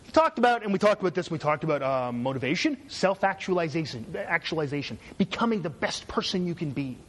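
A man's voice: a little high, big pitch swings, fast. Sarcastic, joking male university lecturer. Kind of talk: classroom lecture.

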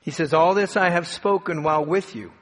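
A male pastor preaching a sermon, slowing down and building to emphatic peaks as he tells stories and reads scripture. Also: fairly high pitch, fairly bright tone. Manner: dramatic preaching with slowed emphatic phrases and rising peaks. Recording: long hall reverb.

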